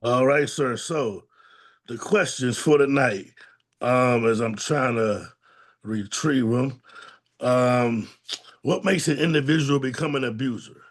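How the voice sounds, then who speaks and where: Man, talk show co-host, blunt, plainspoken, casual slang, candid testimony, middle pitch. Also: takes it slowly. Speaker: podcast co-host and domestic violence advocate.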